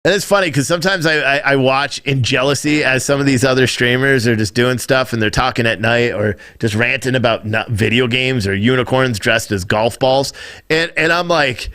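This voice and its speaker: A man's voice: medium pitch, normal speed, fairly bright tone, clear, resonant tone. A man in his thirties hosting a live stream, rambling and swearing as he reads chat. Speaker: live streamer, news show host. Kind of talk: casual live-stream commentary.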